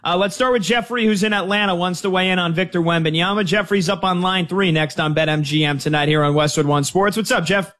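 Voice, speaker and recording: A man's voice: sits high, fairly even intonation, fairly quick, few pauses, a bit bright. A man hosting a sports talk radio show, telling stories with jokey mock outrage.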